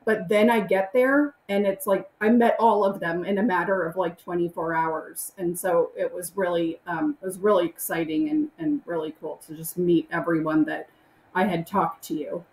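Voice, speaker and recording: A woman chatting as an interview guest, animated and acting out excited greetings in a high voice. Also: moderate pace, roomy sound, a little hiss or hum, rough recording. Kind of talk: casual interview chat.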